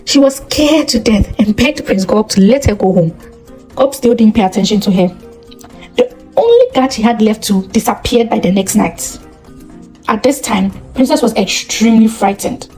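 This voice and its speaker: A woman telling a folktale as a channel's storyteller, in expressive scripted narration. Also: on the high side, moderate pace, husky, faint music behind, rough recording. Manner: expressive, moralizing at the end.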